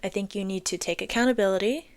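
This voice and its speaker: A young woman talks straight into her phone in a loose, meandering monologue. She leans on "like" as filler and lands her points with blunt, emphatic swearing. Her pitch sits in an ordinary middle range. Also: quick pace, a little mellow, no echo. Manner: rambling, heavy use of "like", emphatic swearing. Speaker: podcast host. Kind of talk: casual solo monologue. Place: indoors under an air vent. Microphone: phone recording.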